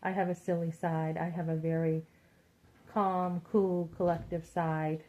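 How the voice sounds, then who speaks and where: A woman's voice: fairly low pitch, little pitch movement, a little slow, darkish tone. A middle-aged woman giving a chatty, encouraging talk to other women, retelling her conversations as she goes. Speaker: Christian women's vlogger. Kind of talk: casual motivational talk. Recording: muffled lo-fi sound.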